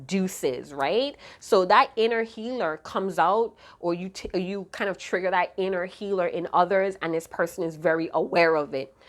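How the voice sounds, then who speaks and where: A slightly hoarse woman with a somewhat low voice reads tarot cards for her viewers. She talks in a loose, chatty way, full of slang and the odd curse, and hums along to songs she hears in her head. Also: normal speed, hardly any pauses. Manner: chatty, slangy and profane, hums song snippets. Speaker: tarot card reader. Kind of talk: casual tarot reading to viewers.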